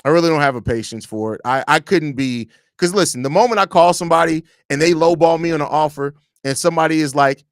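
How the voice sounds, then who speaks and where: A man with a Chicago accent hosts a live podcast stream, reading chat comments aloud and ranting with blunt, profane energy. His voice sits high for a man, and the sound is dry and close, with no room around it. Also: quick pace, few pauses, dry recording.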